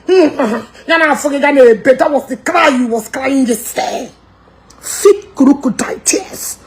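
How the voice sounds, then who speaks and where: A woman's voice: sits high, measured pace, a little mellow. A woman with a Nigerian Igbo accent delivering a heated, mocking rant as a commentator. She mixes English and Igbo and laughs with scorn. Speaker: social media commentator.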